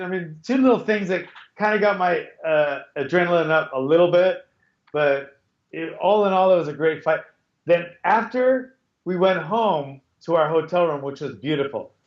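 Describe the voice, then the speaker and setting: A middle-aged man hosting a podcast over a video call, telling a rambling story full of restarts. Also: a little high. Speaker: podcast host. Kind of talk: casual chat. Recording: echoey, dull call audio.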